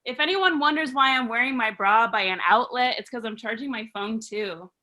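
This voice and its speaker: Bright-voiced woman doing stand-up. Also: fairly high pitch, moderate pace. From Arizona, US. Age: 30s. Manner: rambling, awkward, self-deprecating. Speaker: stand-up comedian. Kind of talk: stand-up comedy set.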